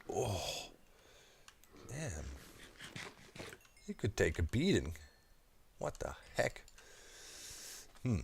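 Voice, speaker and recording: A man's voice: fairly low pitch, big pitch swings, drawn-out words, gravelly, pauses often, slight background noise. A man casually commenting while he builds in a video game, thinking aloud with many fillers and asides. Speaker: Minecraft let's player.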